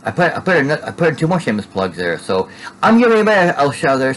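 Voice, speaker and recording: A man's voice: on the high side, very animated, rapid-fire, fairly bright tone, slight background noise, low-quality recording. A man casually narrating an unboxing at home, rambling and tacking "there" onto his sentences. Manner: rambling, repeats "there" and restarts often. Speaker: Funko collector vlogger.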